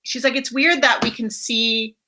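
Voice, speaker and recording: Canadian woman, bright forceful voice, slightly high, rambling enthusiastic chat. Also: fairly even intonation, normal speed, low-quality recording. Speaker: guest on a book live show. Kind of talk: casual chat.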